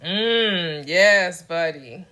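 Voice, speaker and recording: A woman's voice: fairly low pitch, very slow, bright, forceful tone. A middle-aged woman hosting a casual motivational talk, emphatic and direct, laughing often between her points. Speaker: motivational channel host.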